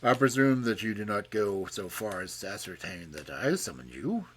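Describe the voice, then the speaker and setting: A man voicing an irritable, malicious elderly professor who speaks loud and sharp, with a husky voice. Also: fairly low pitch, big pitch swings, normal speed, voice pushed down. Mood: suspicious.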